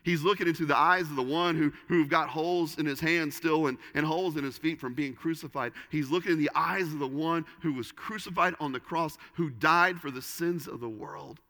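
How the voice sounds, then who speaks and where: A male pastor preaching a sermon in a large sanctuary, his slightly high, bright voice carrying a long reverb. He tells the story dramatically, rising to loud calls and dropping to a hush. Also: brisk, few pauses. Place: church sanctuary with an audience.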